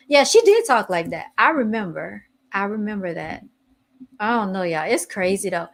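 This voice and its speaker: A woman's voice: mid-range voice, moderate pace, vocal fry. Chatty woman podcast host. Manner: chatty, animated, reads posts aloud while searching online. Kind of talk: casual chat.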